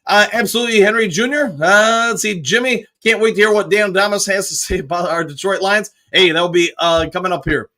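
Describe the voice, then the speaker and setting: A man's voice: high-pitched, brisk, hardly any pauses, sharp tone. A man hosting a casual live stream, greeting chatters by name and reading their comments aloud. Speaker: host reading viewer comments.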